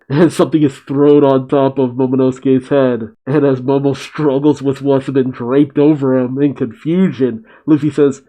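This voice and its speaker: A man's voice: mid-range voice, normal speed, warm tone, highs cut off. A man casually reading a manga chapter aloud and reacting, chuckling as he goes. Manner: casual, chuckling, narrates character actions.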